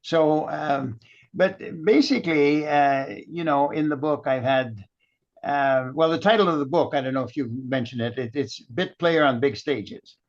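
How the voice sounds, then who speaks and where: A man in his eighties with a French Canadian accent, a guest author speaking thoughtfully with many pauses and fillers. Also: a little high, muffled recording. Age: 80s. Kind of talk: casual interview.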